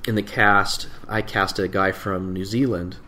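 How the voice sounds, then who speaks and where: A middle-aged man on a podcast talks in a fairly low voice. He stops and restarts often and fills gaps with "uh" as he recounts past work. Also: fairly even intonation, bright, forceful tone. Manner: halting, many fillers and restarts. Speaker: guest. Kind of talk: casual conversational interview.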